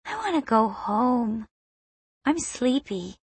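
A woman voicing a sleepy, innocent five-year-old girl with a soft, mumbling voice. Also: on the high side, lively intonation, slow, breathy edge, dry recording, pitched above the performer's own voice, full character voice.

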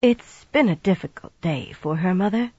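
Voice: mid-range voice, moderate pace, a little mellow, dry recording, lightly acted. Impish, seductive woman, put on by an audiobook narrator; slightly lo-fi. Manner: breathy, impish. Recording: slightly dull lo-fi recording.

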